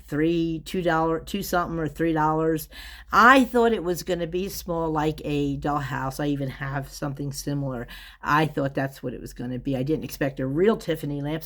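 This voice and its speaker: A woman vlogging from home, giving a chatty, rambling product review, often breaking off mid-sentence and chuckling. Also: deep voice.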